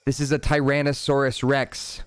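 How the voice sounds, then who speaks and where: Smooth-voiced man running a tabletop game. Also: medium pitch, moderate pace, no room sound. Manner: calm, descriptive scene-setting with casual asides. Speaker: dungeon master.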